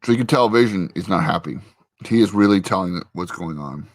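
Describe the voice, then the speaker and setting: A man with a fairly low voice talks loosely through a scene-by-scene recap, drifting in and out of the characters' lines. The sound is close and dry, with little room around it. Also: expressive, brisk, dry recording. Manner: rambling retelling, slipping into characters' lines. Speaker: host. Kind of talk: casual show recap chat.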